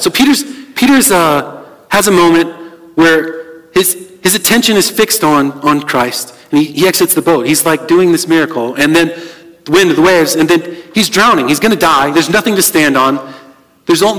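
A man gives a relaxed, conversational sermon, often restarting his phrases. His voice sits a little on the high side. Long reverb from a church hall hangs behind his words. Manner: conversational, many restarts and fillers. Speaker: pastor.

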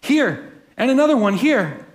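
A man's voice: on the high side, expressive, measured pace. A man voicing a frightened, exasperated adult woman prisoner who pleads and complains. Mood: distressed. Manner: distressed, pleading.

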